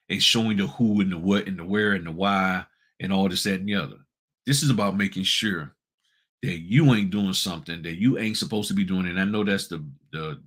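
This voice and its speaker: A man's voice: low-pitched, a bit bright. A middle-aged man hosting a casual tutorial on notary work, talking folksy and emphatic and addressing viewers as y'all. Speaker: notary business host. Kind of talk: casual screen-share tutorial.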